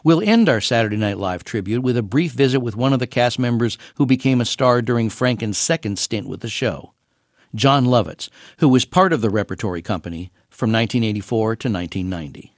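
A man hosting a radio program, reading a measured, informative script. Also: medium pitch, dry recording, clean studio sound. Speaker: radio host. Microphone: studio microphone.

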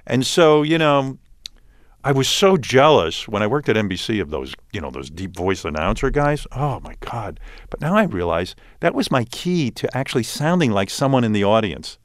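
Recorded cleanly in a studio with no echo, a mid-range male voice moves at a moderate pace. The speaker, a New York–accented radio host in his sixties, is a guest in a casual interview, animatedly telling stories and frequently backing up to restart.

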